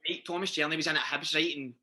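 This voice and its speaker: A man's voice: on the high side, steady tone, fast talker, sharp tone. A young Scottish man in his twenties, guesting on a podcast and telling rambling, sweary dressing-room stories with lots of restarts. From Scotland. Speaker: guest footballer. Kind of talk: casual podcast chat.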